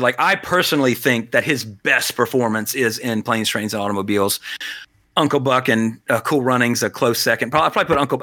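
A man's voice: mid-range voice, sharp tone, no echo. Rambling man on a dry podcast mic. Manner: rambling, full of restarts and "you know". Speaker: podcast co-host. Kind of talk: casual movie chat.

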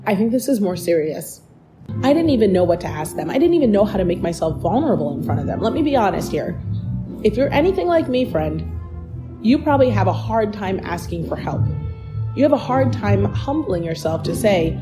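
A woman's voice: mid-range voice, sing-song, fairly quick. A woman hosting a podcast, telling a personal story in an earnest, encouraging way and speaking straight to the listener. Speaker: podcast host. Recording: music playing behind the voice.

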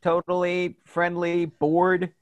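A man's voice: sits high, slow pace, no echo, dull audio. A man co-hosting a podcast, telling an anecdote in casual chat and acting out the quotes with laughs. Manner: animated storyteller, acts out quotes with laughs. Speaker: podcast co-host.

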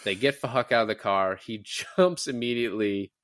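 Low-pitched male podcast co-host, chatty and rambling, dry close mic. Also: normal speed, dry recording. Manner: rambling, quotes movie lines in lively put-on voices. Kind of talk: casual movie podcast chat.

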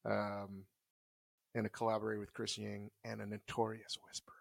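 A man's voice: lowish voice, completely flat delivery, fairly quick, creaky, dry recording. Man, 40s, podcast co-host, loose rambling chat, dry close sound. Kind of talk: casual chat.

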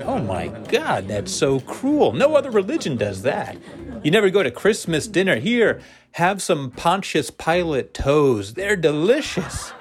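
Man comedian, wry and chatty, mid voice, faint music behind. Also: mid-range voice. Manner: wry, conversational punchlines. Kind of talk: stand-up routine.

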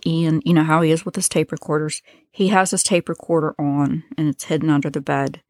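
A woman with a low voice narrates a true-crime story in a relaxed, conversational way, stopping to explain what she reads from a transcript. The sound is dry and close, with no room around it. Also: no room sound. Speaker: podcast host.

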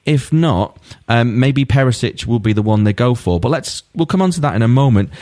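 A man's voice: medium pitch, expressive, brisk, mellow. A man hosting a football podcast, asking his guests questions and joking around. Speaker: podcast host. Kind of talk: casual football chat.

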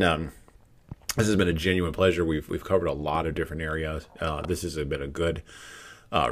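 Very deep-voiced male podcast host. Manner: relaxed, loose closing wrap-up with fillers. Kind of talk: casual podcast interview.

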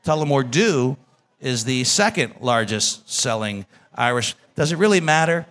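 A man's voice: medium pitch, lively intonation, unhurried, a bit bright. A man hosting a casual interview, asking questions in a jokey, chatty way. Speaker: radio host.

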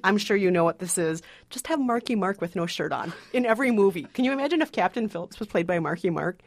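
A woman's voice: medium pitch, expressive, quick pace, dry recording. A woman co-hosting a casual movie review chat, frank and playful. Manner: frank, playful, laughs easily. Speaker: film critic co-host.

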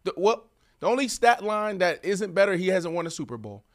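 A man who once played wide receiver, co-hosting a sports podcast and arguing his points in an animated way that swings from loud to soft. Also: high-pitched, fairly quick. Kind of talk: casual sports debate.

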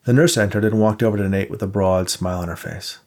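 A man narrating an audiobook in a measured, even way. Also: on the low side. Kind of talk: scripted narration.

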